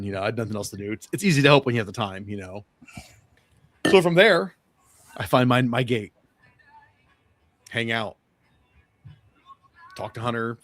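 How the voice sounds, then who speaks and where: A man's voice: fairly low pitch, a bit bright, dry recording. Cursing man telling a rambling story. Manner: profane, rambling anecdote with quoted dialogue. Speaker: podcast guest or co-host. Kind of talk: casual podcast storytelling.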